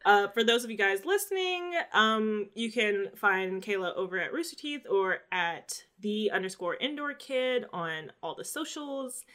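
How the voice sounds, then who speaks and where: A woman's voice: mid-range voice, expressive, a little slow, hardly any pauses, bright, forceful tone. A woman hosting a podcast in casual, upbeat chat with her guest. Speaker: podcast host.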